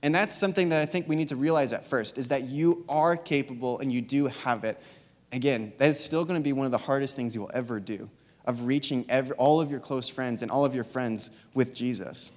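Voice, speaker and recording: A young man giving a sermon, talking earnestly and casually, with fillers, as he tells a story. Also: medium pitch. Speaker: youth speaker. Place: church hall. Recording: long hall reverb, music behind. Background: soft guitar.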